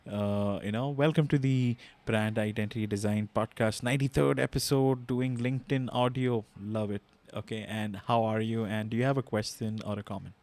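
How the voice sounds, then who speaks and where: A man's voice: on the low side, fairly even intonation, normal speed, hardly any pauses, darkish tone. A man hosting a live podcast in an audio room, polite and apologetic and thanking guests often. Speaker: podcast host.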